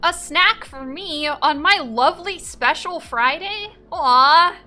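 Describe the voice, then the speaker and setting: A woman's voice: high-pitched, lively intonation, measured pace, sharp tone, soft background music. A woman streamer chatting casually on a live stream, playful and profane as she reads out chat and thanks subscribers.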